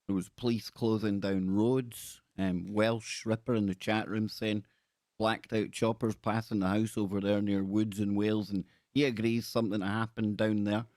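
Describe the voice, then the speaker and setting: A man's voice: lowish voice, level tone, moderate pace, darkish tone, no room sound, studio quality. A man hosting a podcast interview, chatting enthusiastically and reading out comments from listeners. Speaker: podcast host. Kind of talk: casual interview chat.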